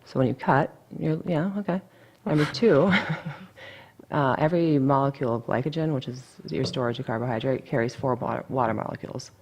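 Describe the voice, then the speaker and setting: A woman's voice: extremely low pitch, brisk, a little mellow, slightly rough. A woman dietitian talking casually in an interview, blunt and chatty, full of asides.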